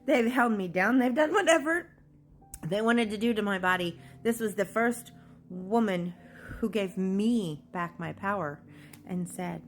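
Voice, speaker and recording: Woman, mid-pitched, earnest and emotional, recounting her own story as testimony over soft music. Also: a little slow. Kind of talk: personal testimony.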